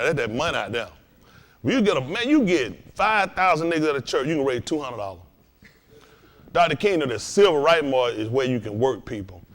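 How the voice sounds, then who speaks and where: Man, host, casual joking lesson talk, animated storytelling, high voice. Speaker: host and teacher.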